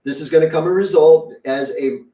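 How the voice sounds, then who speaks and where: Folksy pastor preaching in a roomy church. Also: male voice, fairly high pitch, a little fast, dark tone, distant mic. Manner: conversational, folksy preaching with acted-out quotes. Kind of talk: sermon. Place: church sanctuary.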